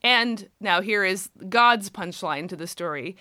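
A woman's voice: mid-range voice, lively intonation, a little slow, hardly any pauses, bright, forceful tone, dry recording, studio quality. A young woman in casual conversation, animatedly retelling a story, laughing often and acting out the quotes. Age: young adult. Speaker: co-host. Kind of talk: casual chat about scripture.

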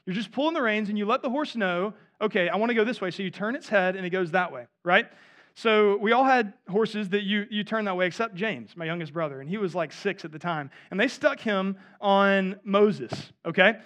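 A pastor in his thirties speaks at a moderate pace, his voice sitting high with a fairly bright tone. He preaches in an easygoing, conversational way, frequently asking "right?"

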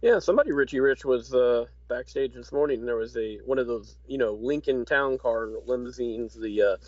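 A man co-hosting a casual chat, easygoing and halting, with a dry sarcastic streak. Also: medium pitch, a little mellow, no room sound, lo-fi sound. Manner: easygoing, many fillers and restarts, dry sarcasm. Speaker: podcast co-host.

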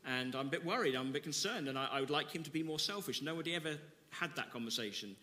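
A man's voice: fairly high pitch, animated, fast talker, bright, forceful tone, long reverb tail, a little hiss or hum. A man preaching a sermon, reading scripture with dramatic emphasis and then explaining it conversationally. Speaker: pastor.

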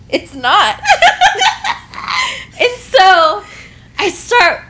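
A young pregnant woman tells a story in a relaxed chat, her voice high and lively, rising and falling widely. She keeps breaking into laughter and swears casually. Her delivery is unhurried and bright. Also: a little hiss or hum.

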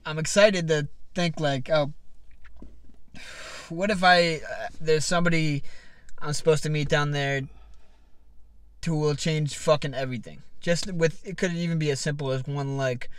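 Rambling young man with a higher voice. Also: normal speed, clear, resonant tone, no echo. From Massachusetts. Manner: rambling, swears a lot, lots of fillers. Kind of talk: casual chat.

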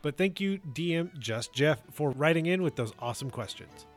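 A man's voice: on the high side, animated, moderate pace, soft background music. A man co-hosting a tabletop gaming podcast, casually and earnestly giving advice. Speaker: podcast co-host.

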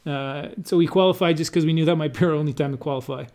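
A man's voice: fairly high pitch, a little mellow. Here is a man with a slightly raised voice telling a friend about flying in an air race. He speaks in a loose, conversational way, full of fillers and false starts, and breaks into the odd laugh as he remembers. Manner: halting, many restarts and fillers, laughs while telling. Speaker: pilot recounting an air race event. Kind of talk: casual conversational recollection.

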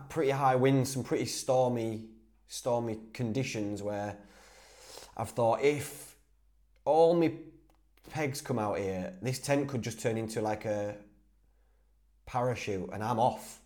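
A man's voice: on the low side, mellow. A young man from Whitby with a North Yorkshire accent, a podcast host answering listener questions in a chatty, laddish way, laughing easily and restarting his sentences. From Whitby, North Yorkshire, England. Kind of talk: casual solo Q&A.

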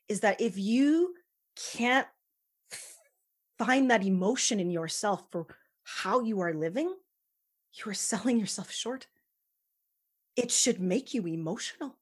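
Breathy, earnest woman guest. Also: mid-range voice. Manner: earnest, emphatic, softens to near-whisper at times. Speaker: podcast guest, author. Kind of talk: casual interview chat.

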